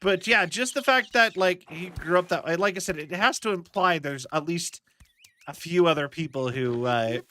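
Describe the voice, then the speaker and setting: A man's voice: high voice, normal speed, bright, forceful tone. A young man streaming a game, chatting casually in rambling tangents and swearing at his mistakes from his home setup.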